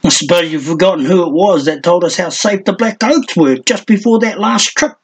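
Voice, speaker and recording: A man's voice: fairly high pitch, lively intonation, normal speed, slightly rough. A man doing a hot-tempered stocky valeman. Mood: indignant. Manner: blunt, indignant.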